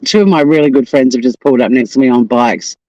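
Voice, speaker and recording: A man's voice: mid-range voice, fast talker, mellow, no room sound, highs cut off. A man with an Australian accent, from Tasmania, hosting a casual live stream outdoors on the coast, profane and joking as he chats. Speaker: livestream host.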